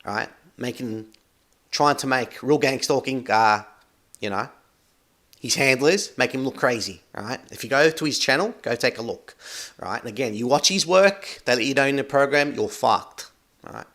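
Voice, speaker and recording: A man's voice: mid-range voice, lively intonation, normal speed, fairly bright tone. A man giving accusatory commentary over a video, repeating "right?" after nearly every phrase. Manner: accusatory, emphatic. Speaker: commentary channel host.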